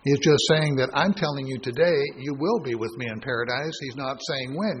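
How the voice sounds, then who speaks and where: A man giving a sermon as a Bible teacher. He reasons aloud through scripture, pauses on fillers and voices imagined objections. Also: mid-range voice, slightly rough, low-quality recording.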